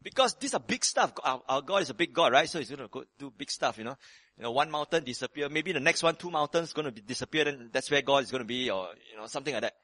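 A man preaching a sermon on a Bible passage, animated and dramatic, moving between loud emphasis and hushed tones, with casual asides to his listeners. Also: medium pitch, fast, no room sound. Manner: conversational asides with frequent "you know" and "right".

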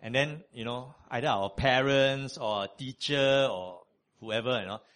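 A man preaching a sermon, conversational and animated, with many fillers. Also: medium pitch, measured pace.

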